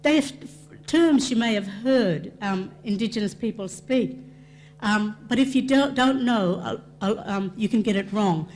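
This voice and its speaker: A woman delivers a presentation in an explanatory, conversational way, mid-pitched and steady. A faint hum sits under her voice. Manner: explanatory, with quick asides and acted-out quotes. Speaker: cultural awareness presenter. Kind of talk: presentation to an audience.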